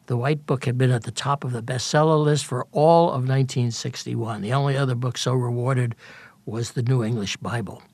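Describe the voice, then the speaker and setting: An older man reading aloud from his own political memoir in a measured, storytelling way. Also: mid-range voice, steady tone, darkish tone, no echo. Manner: measured storytelling in present tense. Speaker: memoir reader.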